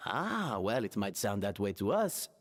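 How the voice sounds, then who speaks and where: An actor playing a theatrical, genteel hotel manager in a game, speaking in flowery, grandiose phrases. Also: male voice, on the low side, big pitch swings, a little slow. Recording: reverberant game audio with music.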